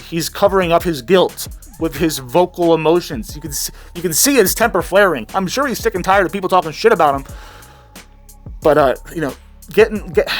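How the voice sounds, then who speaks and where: Sarcastic male commentator with a high voice, faint music underneath. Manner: sarcastic, mocking, rambling with restarts. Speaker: commentary vlogger. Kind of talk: reaction commentary.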